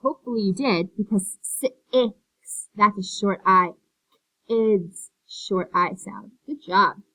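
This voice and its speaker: A woman's voice: medium pitch, normal speed, pushed and bright, no echo, low-quality recording. A woman teaching first graders an online phonics lesson, spelling words letter by letter and praising them.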